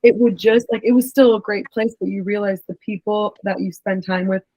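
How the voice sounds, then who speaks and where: A young woman chatting casually on a podcast, rambling and full of fillers. Her voice sits at an ordinary middle pitch. The sound is dry and close, with no room echo. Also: fairly even intonation, brisk, dark tone. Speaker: podcast co-host, former pro soccer player.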